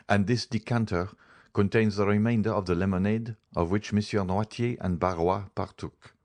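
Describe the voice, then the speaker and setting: A man playing a stern, deep-voiced doctor. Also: darkish tone, natural voice. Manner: measured, insistent explanation. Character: grave, stern male doctor. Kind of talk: audiobook character voice.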